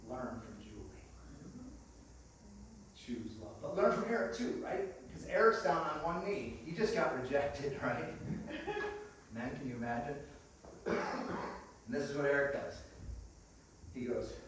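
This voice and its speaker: A man's voice: medium pitch, measured pace, pauses often, a little hiss or hum. A male pastor telling funny stories in a sermon and calling the congregation friends, recorded from a distance in a church hall. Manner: lively, humorous storyteller who calls the congregation friends. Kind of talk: storytelling sermon. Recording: echoey hall, distant mic.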